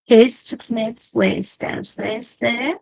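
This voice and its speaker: A woman's voice: a little high, steady tone, very slow, gravelly, darkish tone. A middle-aged woman teaching a quilting demo to online viewers, chatty and talking to them as she works, with a laugh now and then. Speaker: quilting instructor. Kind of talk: live-streamed quilting demo.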